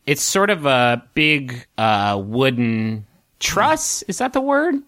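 A man's voice: medium pitch, big pitch swings, a bit bright, dry recording. Male game master, mid voice, stop-start narration, dry close sound. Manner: halting, many ums and restarts.

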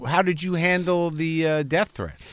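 A male comedian hosting a podcast chat, with a voice a bit higher than most men's. He talks loosely and swears casually. The recording is dry. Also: moderate pace, a bit bright, no room sound. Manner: loose, swears, lots of fillers.

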